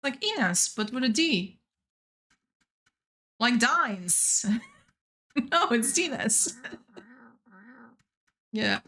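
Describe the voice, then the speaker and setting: Young female streamer, chatty and giggly, highish bright voice. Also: sing-song, very slow, pauses often. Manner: rambling, chatty, laughs often. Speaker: game streamer. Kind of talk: casual chat while gaming.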